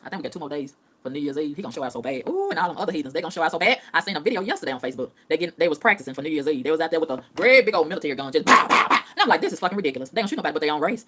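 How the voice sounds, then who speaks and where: A woman's voice: sits low, expressive, rapid-fire, hardly any pauses, a bit bright, slight background noise. A woman ranting in a profane, heated vlog monologue, repeating phrases as she goes. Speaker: vlogger.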